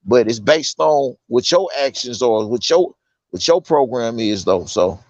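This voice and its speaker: A man's voice: medium pitch, expressive, unhurried, no room sound. An incarcerated man from California talking casually with earnest insistence, heavy with street slang and fillers. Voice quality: loose street slang, fillers like "you know what I'm saying". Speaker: incarcerated guest. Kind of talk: casual conversation. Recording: dull lo-fi sound.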